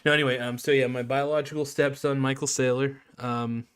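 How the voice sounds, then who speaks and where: A man's voice: medium pitch, level tone, brisk, a bit bright, clear, resonant tone. A man giving casual, rambling video commentary in a sarcastic, mocking tone, full of restarts, profanity and jokey asides. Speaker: video creator.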